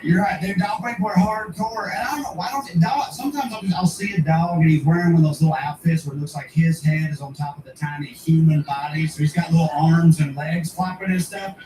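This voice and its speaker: A man's voice: on the high side, a little fast, few pauses, a little mellow, soft background music. A man from rural Tennessee, doing a brash, profane stand-up comedy set. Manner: brash, profane, conversational punchlines. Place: comedy club stage. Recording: roomy and distant with ambient noise.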